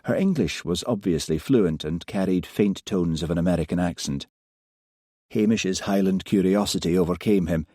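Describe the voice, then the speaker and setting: A man narrating an audiobook in a measured, even way. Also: low-pitched, no echo, studio quality. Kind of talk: scripted narration.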